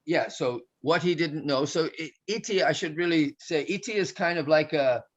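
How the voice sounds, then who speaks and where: A man's voice: on the high side, moderate pace, lo-fi sound. A man teaching a Sanskrit class, patiently explaining grammar with many restarts and fillers.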